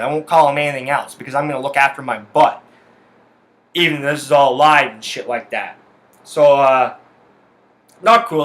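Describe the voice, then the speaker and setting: Recording a solo podcast at his house, a man from Canada rants heatedly and swears nonstop while recounting his story. His bright, forceful voice sits slightly high.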